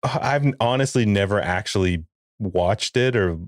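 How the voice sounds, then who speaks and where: A man's voice: on the low side, measured pace, no echo, clean studio sound. A man in his forties, a podcast co-host, telling a funny family story in casual chat and acting out the quotes. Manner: animated storyteller, acts out quotes.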